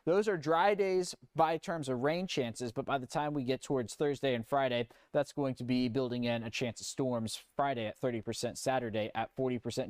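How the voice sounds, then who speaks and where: A young man delivers a live weather forecast with an easygoing, conversational flow. His voice sounds smooth and resonant, and it is recorded close and dry with no room sound. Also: mid-range voice, normal speed, hardly any pauses, no echo. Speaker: meteorologist.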